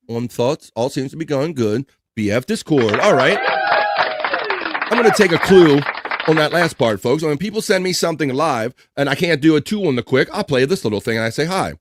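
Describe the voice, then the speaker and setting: A man hosting a casual live stream, reading out chat messages and greetings in a lively, chuckling way. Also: medium pitch, a little fast, no room sound, clean studio sound, faint music behind. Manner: lively, reads chat names aloud, chuckles often.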